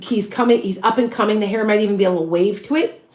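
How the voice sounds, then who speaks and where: A woman's voice: mid-range voice, fast talker, darkish tone. Woman, Chicago accent, psychic medium livestream, rambling and self-assured, roomy echo, phone on a stand. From US Midwest. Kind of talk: casual livestream talk.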